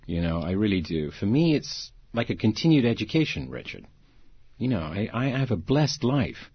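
A deep-voiced man tells stories in an interview, animated and quick to laugh. His voice is low and husky. The recording is dry and a little dull. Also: dry recording. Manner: animated anecdotes, acting out quoted voices, frequent laughs. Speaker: interview guest, actor. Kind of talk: storytelling in a conversational interview.

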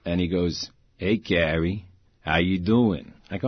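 A deep-voiced man tells stories in an interview, animated and quick to laugh. His voice is low and husky. The recording is dry and a little dull. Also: dry recording. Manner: animated anecdotes, acting out quoted voices, frequent laughs. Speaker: interview guest, actor. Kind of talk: storytelling in a conversational interview.

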